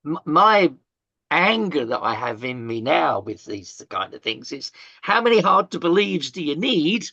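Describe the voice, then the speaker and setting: Older man, halting and dry. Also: fairly high pitch, very animated, vocal fry, pushed and bright, no room sound, dull audio. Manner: halting, many fillers and restarts, casual swearing. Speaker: interview guest. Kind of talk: candid storytelling in conversation.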